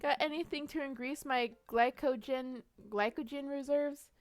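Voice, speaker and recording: Faint music plays as this young woman streams a detective role-play, laughing readily and reading story text aloud while narrating her moves with playful energy. She speaks high with a steady tone.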